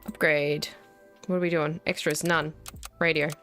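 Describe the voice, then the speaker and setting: Unhurried and a bit bright, this low voice barely moves in pitch. It belongs to a thirtysomething Australian gaming video host who gives casual, wry commentary and walks herself through each step, faint game music and typing audible underneath.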